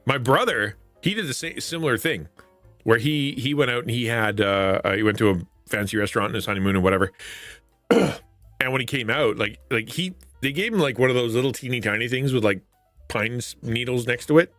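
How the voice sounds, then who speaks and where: A man's voice: medium pitch, fairly quick, a bit bright, no echo, faint music behind. A man hosting a live stream, chatting casually with viewers and retelling funny stories, laughing often, with a stuffy nose. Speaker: livestream host.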